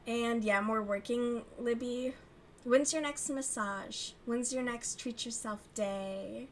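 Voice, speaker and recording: A woman's voice: a little high, steady tone, slow pace, a little hiss or hum. Chatty, cussing young woman streamer. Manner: profane, gossipy, laughs often. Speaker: crochet livestream host. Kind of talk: casual chat with chat readers.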